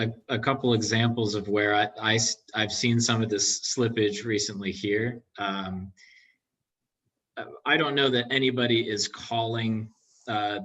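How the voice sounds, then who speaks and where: A man comments from the audience during an academic Q&A. He speaks slowly and with many pauses and fillers. His lowish voice sounds distant from the microphone. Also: pushed and bright. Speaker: audience member asking a question. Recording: voice distant from the mic.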